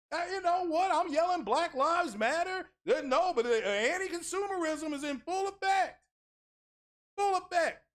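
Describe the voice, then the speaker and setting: A man hosting a tech channel, ranting casually with sarcastic, mock-outraged exaggeration and crude, blunt language. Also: extremely high pitch. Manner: crude, blunt street talk. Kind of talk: casual streamed rant.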